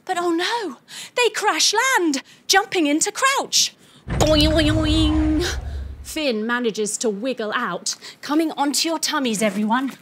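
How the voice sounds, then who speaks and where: Lively woman, high and very expressive, leading kids' yoga through a story; faint music behind. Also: unhurried, noisy background. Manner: lively and encouraging, guiding moves step by step. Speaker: children's yoga instructor. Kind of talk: storytelling yoga lesson for kids.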